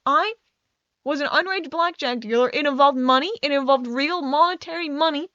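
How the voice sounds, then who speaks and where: A woman's voice: high-pitched, fairly quick, fairly bright tone, no echo, lo-fi sound. A young woman, a native Dutch speaker, rambling casually over gameplay, often stumbling and restarting her sentences. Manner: rambling, self-interrupting, frequent stammered restarts. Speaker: gaming YouTuber. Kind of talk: casual rambling commentary while playing.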